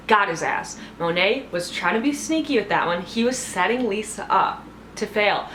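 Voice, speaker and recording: A woman's voice: medium pitch, lively intonation, unhurried, fairly bright tone, a little hiss or hum. A woman giving a casual, chatty TV recap, gossipy and full of "like"s. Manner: gossipy, filler-heavy, many "like"s. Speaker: TV show reviewer. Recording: echoey room, faint ambience.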